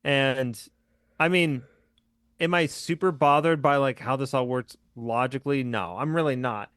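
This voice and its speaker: A man hosting a podcast chats enthusiastically and casually about a movie, laughing often. His mid-range voice is clean and fairly bright, paced in a measured way, captured in a dry, clean studio recording.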